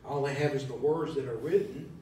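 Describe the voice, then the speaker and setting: A man's voice: fairly quick, mellow. A man preaching a sermon in a church, thinking aloud in a conversational way and asking the congregation questions. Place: church sanctuary. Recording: echoey hall from far off, faint rumble.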